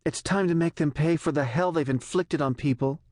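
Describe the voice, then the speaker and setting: A woman's voice: sits low, normal speed, a little mellow, dry recording, studio quality, voice pushed up. A male narrator voicing a zealous young woman in her twenties who speaks earnestly and fervently. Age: 20s.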